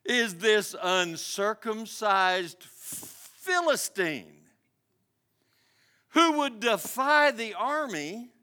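A man's voice: sits high, sing-song, extremely slow, bright, forceful tone, full character voice. A preacher voicing a defiant young shepherd boy who speaks in earnest, emphatic declarations.

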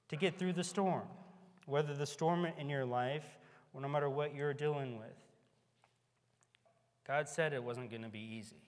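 Emphatic preacher in an echoey hall. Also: male voice, a little high, normal speed, long pauses. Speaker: pastor. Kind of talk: sermon.

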